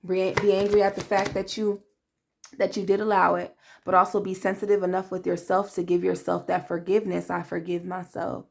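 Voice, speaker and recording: A woman's voice: medium pitch, flat delivery, fairly quick, vocal fry. A woman doing a tarot reading to camera in a blunt, profane, streetwise manner, calling the listener babe and acting out quoted voices. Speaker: tarot reader.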